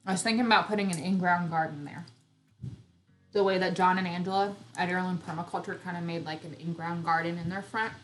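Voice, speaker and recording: A woman's voice: lowish voice, steady tone, fast talker, faint music behind. A woman in her thirties hosting a casual live chat, chatty and teasing with frequent giggles. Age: 30s. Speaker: homesteading channel host. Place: home.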